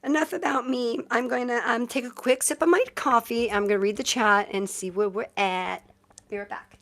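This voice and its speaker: This is a woman tarot reader in her forties with a Southern Californian Valley girl lilt, pitched slightly high. She rambles in a chatty, quirky way with no filter, and her voice has been troubled for months. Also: normal speed, fairly bright tone, a little hiss or hum. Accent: Southern Californian Valley girl cadence. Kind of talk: casual live stream chat.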